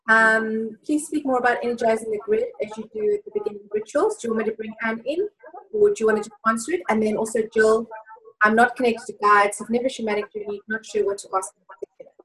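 A woman with a South African accent moderating an online class and reading out questions, talking fast and brisk. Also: on the high side, a bit bright, low-quality recording.

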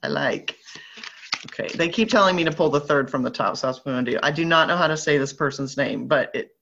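A woman's voice: sits low, fast, creaky, a bit bright, slight background noise. Chatty Southern woman reading oracle cards. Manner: chatty, upbeat, playful asides. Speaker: spiritual group leader. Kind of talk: live online card reading. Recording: slightly dull lo-fi audio.

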